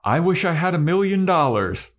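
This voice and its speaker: A man's voice: on the high side, sing-song, moderate pace, voice pushed up. A man voicing a flustered young woman witch who talks in a frantic, swearing rush.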